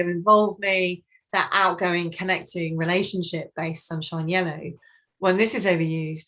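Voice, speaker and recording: A lively woman trainer runs an online workshop on communication styles, speaking over a video call. Her delivery is expressive, with frequent lifts in energy. Her pitch sits somewhat low for a woman. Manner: animated, expressive, acts out colleagues.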